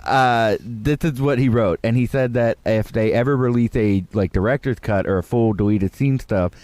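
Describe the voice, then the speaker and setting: A man in casual podcast chat, sharing trivia with lively laughs. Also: medium pitch, normal speed, no room sound. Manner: animated, laughs while telling trivia. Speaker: guest.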